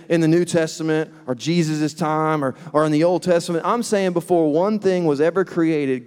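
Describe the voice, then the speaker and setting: A man's voice: fairly high pitch, clear, resonant tone. A man in his thirties preaching, telling a funny family story and laughing at himself. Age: 30s. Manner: lively storyteller, laughs at himself, acts out quotes. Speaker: pastor. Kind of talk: sermon with humorous personal story. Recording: long reverb of a large hall.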